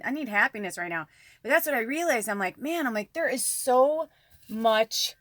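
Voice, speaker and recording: Bright-voiced woman, rambling candid monologue. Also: medium pitch, no room sound. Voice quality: frequent swearing, rambling and emphatic. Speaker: psychic medium and channel host. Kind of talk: candid casual monologue to camera. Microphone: camera close to the face.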